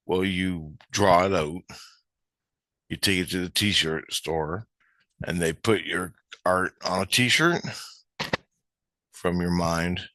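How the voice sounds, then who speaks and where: A man's voice: low-pitched, slow pace, long pauses, pushed and bright, dry recording. A man telling a rambling spiritual story to camera in a casual, meandering way, with some swearing. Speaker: vlogger.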